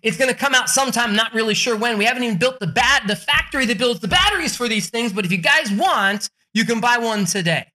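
A man doing an impression of an excited male tech mogul who boasts big plans in a raised, breathless voice. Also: extremely high pitch, fast, few pauses, voice pushed up, full character voice. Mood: hyped.

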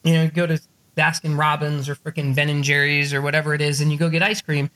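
A man's voice: a little high, flat delivery, fast talker, pushed and bright. A man coaching authors on the business behind their books, telling stories with lots of swearing and acting out the people he quotes. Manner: swears freely, acts out quoted people in a raised voice. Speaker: book business coach speaking to a group. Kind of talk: animated, profane storytelling talk.

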